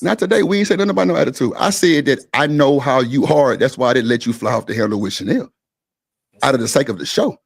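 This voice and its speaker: A man's voice: medium pitch, fast talker, vocal fry, husky. A man hosting a heated panel discussion, arguing back, repeating himself and talking in casual slang. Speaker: host.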